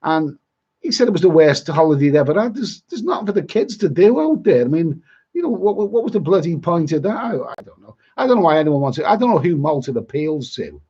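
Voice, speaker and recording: A travel vlogger from Liverpool, England, chats on a live stream in his Liverpool accent, rambling, blunt and grumbling a fair bit. His fairly high, slightly husky voice has a dark tone, big pitch swings and a brisk pace, and the sound is dull and lo-fi.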